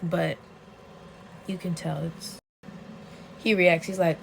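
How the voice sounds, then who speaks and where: A woman vlogger in a casual, excitable rant, retelling a webcomic plot with plenty of swearing and outbursts. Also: fairly low pitch, slow, gravelly, long pauses, a little hiss or hum. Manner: excitable and profane, storytelling with gasps and outbursts.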